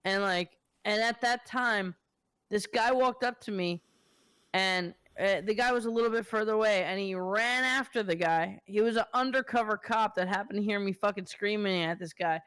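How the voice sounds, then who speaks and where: Smooth-voiced man telling profane stories. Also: high voice, normal speed, a bit bright, no echo. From New York area. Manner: profane, loose storytelling full of fillers. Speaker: podcast host. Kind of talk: casual podcast chat.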